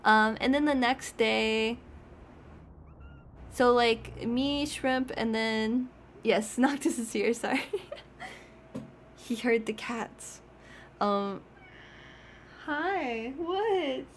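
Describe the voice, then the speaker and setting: Young woman, streamer, casual chat, rambling, laughs often, higher pitch. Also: steady tone, slow pace, long pauses, slight background noise. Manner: chatty and rambling, frequent "like" and laughs. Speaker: VTuber streamer.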